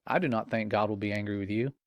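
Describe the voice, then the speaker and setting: A man's voice: lowish voice, quick pace, dry recording, close to an everyday voice. A man reading aloud the polite, reassuring replies of an AI chatbot he calls a demon. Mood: courteous. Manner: smooth, courteous, reassuring.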